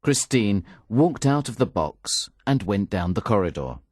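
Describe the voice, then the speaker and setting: A man narrates a story slowly in a low voice. His pitch rises and falls expressively. The recording is dry and close. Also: sing-song, darkish tone, no room sound. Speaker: audiobook narrator. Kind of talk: scripted narration.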